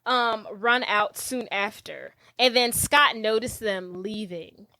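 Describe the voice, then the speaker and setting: A woman's voice: mid-range voice, slow, sharp tone. A woman co-hosting a casual podcast, retelling a movie scene by scene and acting out the characters' lines. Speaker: podcast co-host. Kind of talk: casual movie recap chat.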